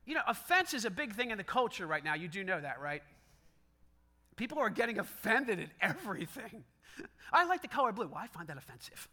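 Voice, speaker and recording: A middle-aged man preaching a sermon in a conversational, animated way, acting out little dialogues and laughing often. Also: sits high. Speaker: pastor.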